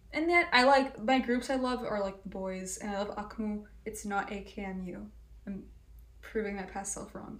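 Chatty young woman, echoey room. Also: on the high side. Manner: chatty, filler-heavy, talks about music fandom with enthusiasm. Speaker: podcast co-host. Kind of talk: casual chat.

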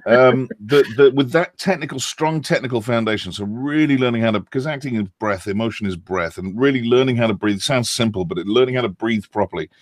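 A man's voice: medium pitch, fairly quick, hardly any pauses, no echo, clean studio sound. A middle-aged British man, an actor and former acting coach, explaining at length in a chatty, self-deprecating way with many ums. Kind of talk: interview answers.

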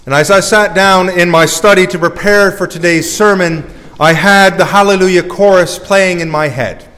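A man's voice: sits high, normal speed, a bit bright, in a large hall. A male priest preaching a sermon in a conversational, self-deprecating way, recorded in a church.

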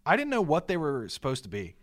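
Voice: mid-range voice, huge pitch swings, quick pace. A podcast co-host talking casually about a film in a wry, hesitant way, stammering at times and acting out quoted lines.

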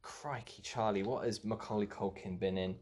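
A man playing along as a contestant in a casual film quiz, excitable and quick to exclaim loudly. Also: fairly low pitch, breathy edge. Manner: excitable, bursts into loud exclamations.

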